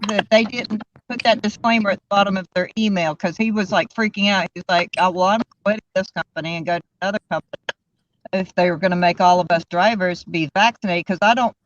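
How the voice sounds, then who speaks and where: A woman's voice: mid-range voice, steady tone, fast talker. A woman co-hosting a livestream, chatting casually and laughing often. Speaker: co-host of a livestream. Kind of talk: casual group chat. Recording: dull lo-fi stream audio with faint hiss.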